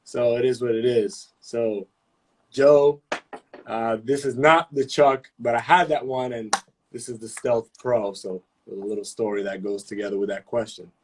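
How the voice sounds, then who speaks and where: A man's voice: medium pitch, a little slow, slight background noise. A man hosting a casual live-stream chat, telling stories in heavy slang with constant swearing. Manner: profane, animated storytelling with slang.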